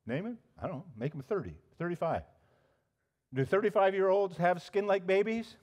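A male pastor preaching a sermon, telling a story with animated emphasis and frequent restarts. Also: sits high, normal speed.

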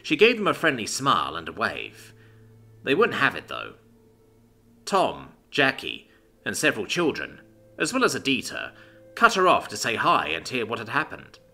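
A man narrating a fantasy story in an expressive storytelling manner. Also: medium pitch, moderate pace, gravelly, faint music behind. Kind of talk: scripted narration.

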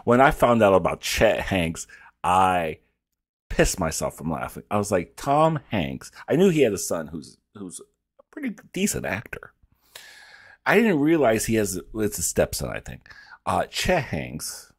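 A man hosting a reaction video, telling stories in an animated, profane, campy way. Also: sits low, a little slow, slightly rough, no echo, studio quality. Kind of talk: casual reaction chat.

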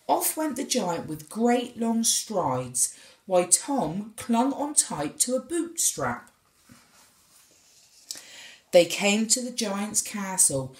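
A woman reads a children's picture book aloud at an unhurried pace. Her pitch rises and falls in a very lively way as she tells the story. The echo of a roomy space surrounds her voice. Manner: expressive storytelling. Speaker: storybook reader. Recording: echoey room.

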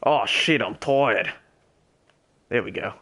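Young guy doing a fake aussie accent while streaming, swears constantly, yells oi at other players, middle pitched voice. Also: slow. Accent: put-on Australian. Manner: rambling, swears a lot, calls out loudly to other players. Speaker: streamer playing as a character. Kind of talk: in-character game role-play stream.

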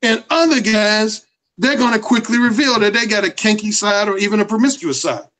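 A man's voice: high-pitched, a little fast, fairly bright tone, rough recording. A man being interviewed as a dating coach, lecturing emphatically and swearing freely. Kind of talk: casual interview.

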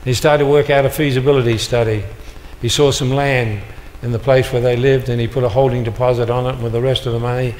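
Speaking quickly with few pauses, this older motivational speaker has a medium-pitched, level, somewhat dark voice. He addresses a live audience in a large hall, telling stories and performing the dialogue with punchy comic timing. Long reverb fills the live recording, with a little background noise.

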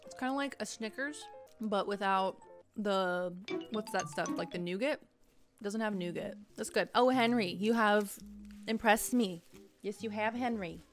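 A young woman streamer taste-tests snacks, chatting casually, joking and giggling often in a bubbly way. Her voice is medium-pitched and a little slow, with soft music playing in the background.

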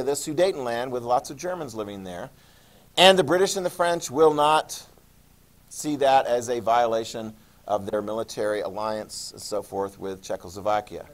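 A man teaching a history class, lecturing in an animated way and quizzing students. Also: a little high. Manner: animated, acts out countries in jokey voices; asks the class questions.

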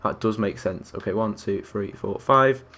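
A man's voice: fairly low pitch, moderate pace, fairly bright tone. A young man chatting through a live game stream, counting aloud and reacting to viewers and other players. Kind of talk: live gameplay commentary.

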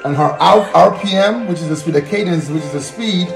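Brief: gravelly, higher-pitched dad in his thirties, upbeat family vlog host, light music under. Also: brisk. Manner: upbeat, cheering, playful. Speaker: father and vlogger. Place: home gym.

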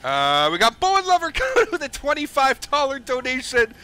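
A man's voice: extremely high pitch, huge pitch swings, a little fast. A young man streaming a flight simulator, chatting upbeat and thanking donors over and over. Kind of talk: live gameplay commentary.

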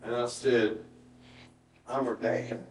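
A middle-aged man, preaching a sermon and telling a personal story in an earnest voice that often drops to a hushed, emotional tone. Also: mid-range voice, little pitch movement, takes it slowly, faint music behind. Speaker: pastor. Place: church sanctuary. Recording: roomy church sound from a distant mic.

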